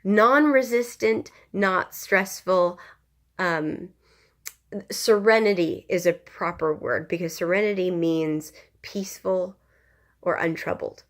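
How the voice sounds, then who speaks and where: Slow, gravelly-voiced woman musing aloud. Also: on the low side. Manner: slow and thoughtful, with many ums and pauses. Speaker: channel host sharing personal growth advice. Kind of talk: reflective motivational talk to camera.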